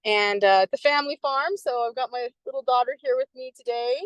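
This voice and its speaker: A woman with a somewhat high voice on a video call, recorded dry with no room echo. She introduces herself in an easygoing, slightly apologetic way. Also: brisk, lo-fi sound. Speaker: sheep and hay farmer, commission member. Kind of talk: casual self-introduction.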